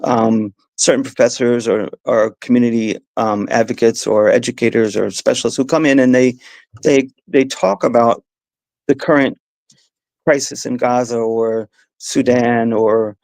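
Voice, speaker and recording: A man with a Mid-Atlantic Southern accent speaks as an interview guest, voice at a middle pitch. He talks in a thoughtful, unhurried way, restarting phrases often. The sound is dry and close, with no room around it. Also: steady tone, vocal fry, no room sound. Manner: thoughtful, with frequent restarts and soft laughs. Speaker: guest, education advocate. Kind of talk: conversational interview answers.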